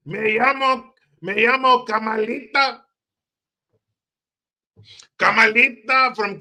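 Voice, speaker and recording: A man voicing a mocking impression of a woman politician who gushes loudly with fake Spanish flourishes. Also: very high voice, gravelly, voice pushed up, heavily acted. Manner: gushing, over-the-top, loud.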